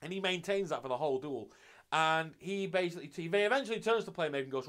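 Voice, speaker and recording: A man's voice: fairly high pitch, expressive, fast talker, fairly bright tone. A young man hosting his channel, giving a loose, sweary, casual review of an anime episode with lots of restarts.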